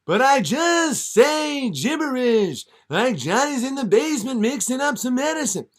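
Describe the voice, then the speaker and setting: A man voicing a whiny male singer hungry for fame, with a squeaky, shouting voice. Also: very animated, measured pace, exaggerated voice.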